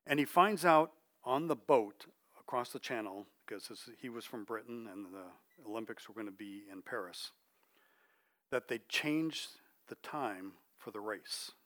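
Delivering a conversational sermon a little slowly, a middle-aged man speaks in an animated, mid-range voice. He chats with and checks on his listeners, letting his voice drop softly for emphasis.

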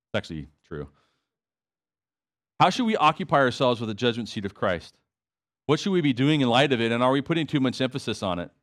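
A man's voice: medium pitch, lively intonation, quick pace. A man preaching a sermon to his congregation, conversational with emphatic repetition and asides. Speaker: pastor.

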